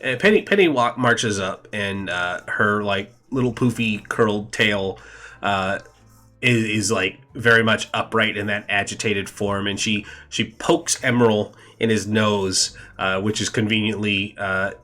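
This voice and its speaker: A man's voice: lowish voice, unhurried, pushed and bright. A man narrating a tabletop game as game master, rambling with many fillers.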